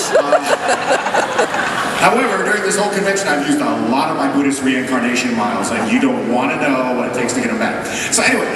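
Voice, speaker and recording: A man from Texas, the master of ceremonies, telling comic stories on stage in a large convention hall with a playful, self-mocking delivery. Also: medium pitch. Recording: echoey hall from far off with loud crowd noise.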